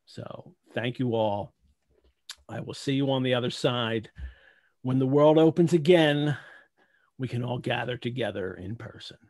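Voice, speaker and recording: A man hosting a live video call, giving heartfelt, halting thanks to his co-hosts and audience while holding back tears. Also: mid-range voice, darkish tone, no echo. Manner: heartfelt, halting, many restarts. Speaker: host. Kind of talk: emotional closing remarks on a live video call.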